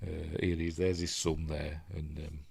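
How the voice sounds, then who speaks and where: A man's voice: very deep voice, little pitch movement, normal speed, vocal fry, darkish tone, husky, no echo. A man with a Yorkshire accent, hosting a casual film breakdown and reading out live chat in a chatty, rambling way that often loses its place. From Yorkshire, England. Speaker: host, film reviewer.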